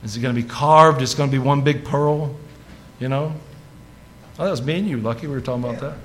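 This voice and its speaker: A man's voice: medium pitch, quick pace. A man preaching a sermon to his congregation, talking casually and building to fervent emphasis on scripture. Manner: conversational, rising to fervent emphasis. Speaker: pastor.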